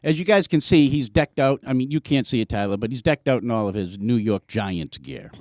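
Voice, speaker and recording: A man's voice: mid-range voice, expressive, a little fast, a little mellow, no echo, studio quality. A man hosting a casual sports podcast, swearing, telling stories and ribbing his guest. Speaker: podcast host.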